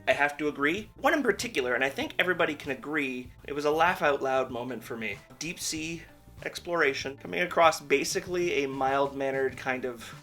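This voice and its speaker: Bright-voiced man ranting about a movie. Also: fairly high pitch. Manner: candid and rambling, swears freely. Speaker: film reviewer. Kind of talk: casual vlog movie review.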